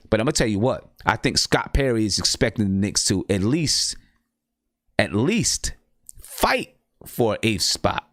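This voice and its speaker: A man's voice: lowish voice, dry recording, studio quality. A man hosting a casual live-stream chat, emphatic and repeating phrases to drive points home. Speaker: podcast host.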